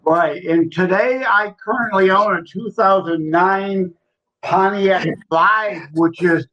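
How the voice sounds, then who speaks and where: Earnest guy cohosting a podcast, voice a bit high, muffled lo-fi audio. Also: takes it slowly, a bit bright. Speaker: podcast co-host. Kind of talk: casual chat. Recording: dull lo-fi sound.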